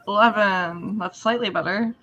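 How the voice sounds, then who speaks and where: A woman's voice: medium pitch, moderate pace, lo-fi sound, crowd noise. Upbeat, giggly female player on a call. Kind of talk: playing a tabletop game online.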